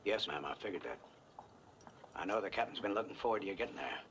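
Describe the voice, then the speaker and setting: An actor playing a gruff, commanding frontier marshal. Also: male voice, on the low side, expressive, quick pace, lightly acted. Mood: stern. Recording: film soundtrack with background noise.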